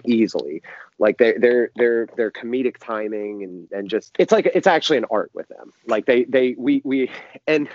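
A man rambles through a story as a podcast guest, his pitch bouncing all over as he piles up restarts and fillers. The sound is dry and a little dull, close to the mic. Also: darkish tone, no room sound. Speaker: musician guest.

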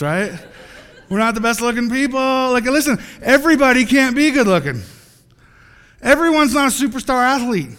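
A man with a high, bright voice preaching to a crowd. He jokes and acts out small scenes as he talks. His voice rings with the long echo of a large hall. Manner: animated, joking, acts out little scenes. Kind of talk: sermon.

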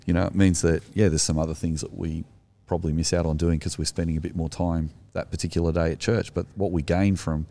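Low-voiced earnest Australian man. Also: flat delivery, quick pace, hardly any pauses, warm tone. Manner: earnest, reflective. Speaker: co-host, Anglican minister. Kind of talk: conversational storytelling.

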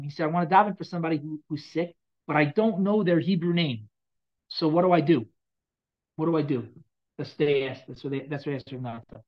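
A man's voice: on the high side, muffled recording. A man teaching a Torah class on Psalms to a live audience, talking casually, repeating phrases and restarting with many fillers.

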